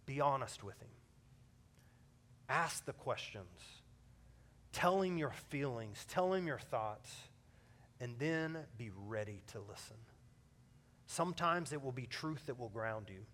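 A middle-aged man preaching a sermon as a pastor, earnest, moving from loud urging to soft, hushed lines. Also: mid-range voice, lively intonation, unhurried, long pauses.

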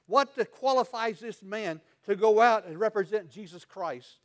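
A man preaching a sermon as pastor, telling stories and swinging from loud to quiet. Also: high voice, normal speed.

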